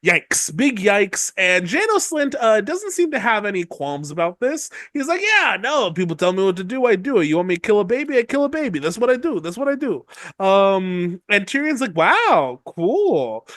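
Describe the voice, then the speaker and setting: A man co-hosting a podcast, recapping a book chapter in a jokey, animated way and slipping into quick voices for the characters. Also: high voice, no room sound, studio quality. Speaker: podcast co-host.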